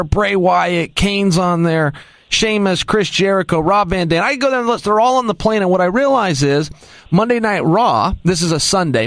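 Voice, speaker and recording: Excitable high-pitched man telling stories. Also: no room sound. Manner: excitable, emphatic, self-mocking. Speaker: radio show guest. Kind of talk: animated storytelling.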